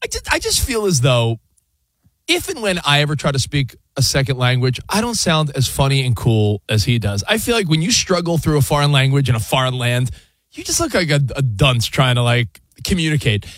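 A man with a medium-pitched voice co-hosts a sports radio show from a studio, talking a little fast into a studio mic with a dry sound. He rambles through casual banter, animated and full of fillers and sound effects.

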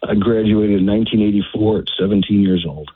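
A man in his fifties from Texas, a retired army sergeant calling in to a talk show, speaking haltingly with many fillers. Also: on the low side, fairly even intonation, slightly rough, no echo. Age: 50s. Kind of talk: phone-in conversation. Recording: dry, tinny phone line.

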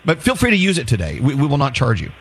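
A man's voice: mid-range voice, wildly swooping pitch, a bit bright, a little hiss or hum. A man hosting a morning radio show, teasing and joking with co-hosts and callers. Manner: playful, teasing, quick to joke. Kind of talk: casual morning radio chat.

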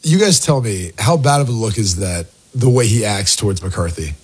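A man's voice: lowish voice, animated, moderate pace, husky. A man co-hosting a sports radio show, asking questions casually.

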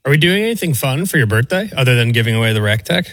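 A man who is a regular on a radio show, teasing in a deadpan way during casual banter. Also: medium pitch, rapid-fire, dry recording.

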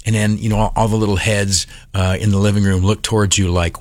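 A man's voice: on the low side, little pitch movement, fast, darkish tone, dry recording, studio quality. A man hosting a talk radio show, telling a rambling, sarcastic, self-mocking story full of fillers and restarts. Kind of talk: rambling comic monologue. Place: radio studio. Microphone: studio mic.

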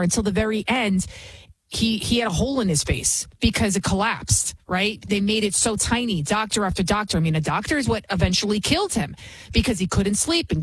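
A woman's voice: medium pitch, expressive, brisk, slightly rough, dry recording, poor audio. A woman hosting a political commentary show, talking fervently and emphatically, often restarting her sentences. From United States.

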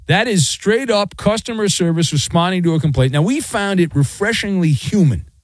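A man's voice: high voice, animated, normal speed, dry recording. A middle-aged man hosting a sports talk radio show, ranting in a sarcastic, mocking way. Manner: sarcastic, mocking, acts out quoted voices.

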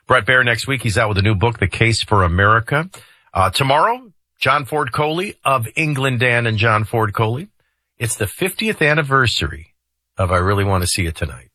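A man's voice: medium pitch, normal speed, dry recording. A middle-aged man hosting a radio morning show, talking casually in a folksy, joking way into a studio microphone. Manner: folksy, joking, lively delivery.

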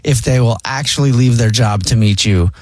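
A man hosting a radio show, upbeat and quick to laugh as he sets up a phone segment. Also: mid-range voice, darkish tone, no room sound. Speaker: radio host. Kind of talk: morning radio banter. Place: radio studio.

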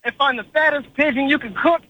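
A man's voice: very high voice, bright, forceful tone, rough recording. A man calling into a sports radio show to playfully trash talk the host. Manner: boastful, rapid street directions. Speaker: caller.

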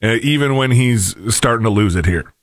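Wry measured male co-host. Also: medium pitch, lively intonation, no echo, studio quality. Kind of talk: casual show banter.

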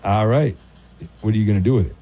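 Mellow-voiced male radio host. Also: on the low side, fast, husky. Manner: dry, teasing, mock-sympathetic. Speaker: late-night sports radio host. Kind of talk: casual talk radio. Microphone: studio microphone.

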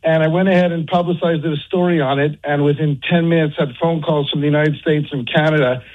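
A man's voice: a little high, fairly even intonation, brisk. A man calling in to a radio show, telling a story in a matter-of-fact way. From Quebec. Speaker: caller. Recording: dull phone line.

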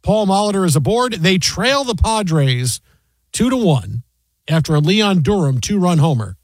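A man's voice: high voice, measured pace, no echo. A man hosting casual sports talk radio, telling stories animatedly and acting out quotes. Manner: animated storyteller, acts out quotes loudly.

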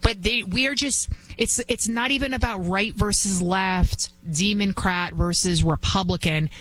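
A woman's voice: medium pitch, a little slow, fairly bright tone, rough recording. A woman hosting an opinionated political monologue, emphatic and repetitive. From United States. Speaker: political commentary host.

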